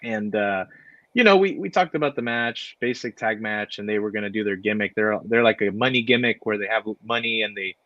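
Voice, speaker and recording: A man, a guest wrestler, telling stories in a relaxed way, with lots of fillers and laughter. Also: fairly low pitch, fairly quick, no room sound. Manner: laid-back, many fillers, laughs while telling stories. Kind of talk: casual storytelling. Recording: dry, dull lo-fi audio.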